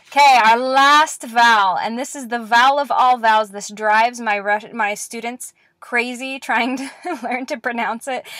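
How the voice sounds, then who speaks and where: A woman teaching a language lesson as a recorded lecture, explaining patiently step by step and leaving pauses for practice. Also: a little high, fairly bright tone, no room sound, clean studio sound.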